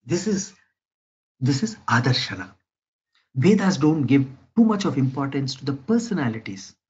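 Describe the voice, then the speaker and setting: A man's voice: medium pitch, very animated, normal speed, darkish tone, highs cut off. A man giving a lecture in a conversational way, often checking in with his listeners. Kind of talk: spoken lecture.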